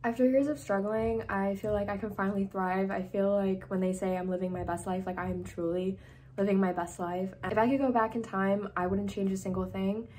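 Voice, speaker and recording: A woman's voice: medium pitch, fairly even intonation, a little fast, a little mellow, slight background noise. Earnest young woman telling her story. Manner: earnest, emotional, tearful at times. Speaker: vlogger. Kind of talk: personal story vlog. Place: indoors, seated.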